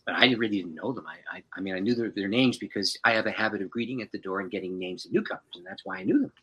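A man's voice: lowish voice, very fast, breathy edge, rough recording. A man, a pastor and author, tells a personal story as a podcast guest, breaking into laughter as he goes. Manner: lively, laughs through his story.

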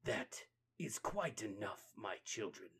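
A man voicing the hushed, menacing Rat King. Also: on the low side, big pitch swings, husky, full character voice. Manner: slow, hushed, ominous. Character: menacing male mutant rat king, regal.

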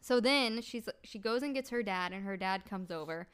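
Brief: woman, 20s, podcast co-host, casual storyteller, clean resonant tone, mid pitch. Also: normal speed, clear, resonant tone. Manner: animated storyteller, heavy "like" filler. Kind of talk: casual chat.

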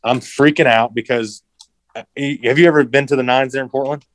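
A man's voice: mid-range voice, fairly even intonation, a little fast, rough recording. A man in a casual interview who tells a story with animation, acts out quotes and swears freely. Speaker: interview guest, racing driver.

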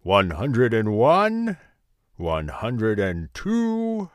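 A huge, bad-tempered giant, put on by a man reading a storybook aloud, roars his lines slowly and at full volume. The voice sounds as if it comes from across the room. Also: huge pitch swings, no room sound, clean studio sound, exaggerated voice. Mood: counting. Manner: booming, slow and loud.

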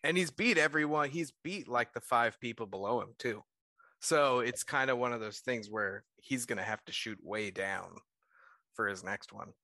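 A man's voice: mid-range voice, normal speed, pushed and bright, dry recording. A man co-hosting a casual sports podcast, laid-back and teasing, laughing easily. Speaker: podcast co-host.

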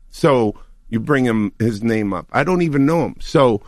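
A man's voice: medium pitch, lively intonation, normal speed, few pauses, no echo, studio quality. A man answering questions in a radio interview, hesitant and defensive, restarting his sentences often. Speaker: interview guest, record executive.

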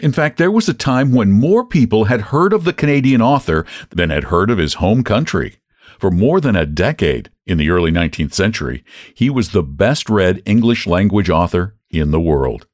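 A man reading a short story aloud as host of a literature podcast, with an expressive storytelling delivery. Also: lowish voice, normal speed, no echo, clean studio sound. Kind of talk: audiobook-style story narration.

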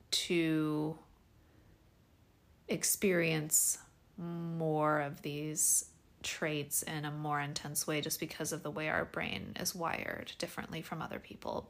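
A young adult woman hosting a podcast, talking casually and animatedly with lots of fillers and restarts. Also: deep voice. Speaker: podcast host.

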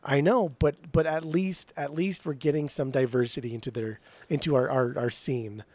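A man's voice: mid-range voice, steady tone, normal speed, darkish tone, dry recording. A young man co-hosting a podcast in casual chat, swearing freely and ranting with mock outrage at his friend. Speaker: podcast co-host.

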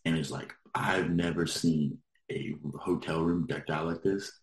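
A man's voice: rumbling low, steady tone, a little slow, echoey room. A man telling a story in casual chat, rambling and full of filler words, laughing now and then. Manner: rambling, lots of likes, laughs while telling.

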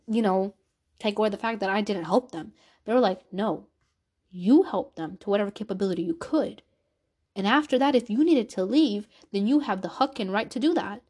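Medium in pitch and darkish in tone, this woman's voice carries a confessional podcast story. She's earnest throughout and plays out the remembered conversations herself.

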